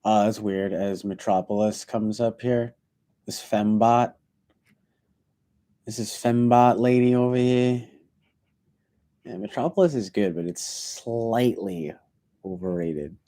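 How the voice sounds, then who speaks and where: A man's voice: lowish voice, a little slow, long pauses, warm tone. A man from the United States streaming, chatting casually with rambling, laid-back, mumbled asides.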